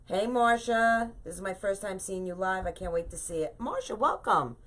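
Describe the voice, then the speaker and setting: A woman's voice: medium pitch, moderate pace, a bit bright. A middle-aged woman hosting a chatty craft livestream, greeting viewers by name in a bubbly, upbeat way. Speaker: wreath-making livestream host. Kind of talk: casual livestream chat with viewers.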